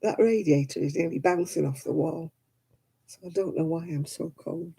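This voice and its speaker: Crocheting indoors at home on a livestream, she chats in a rambling, casual way and counts stitches under her breath. Her low voice is gravelly, warm, and slightly rough, and she talks at a normal speed.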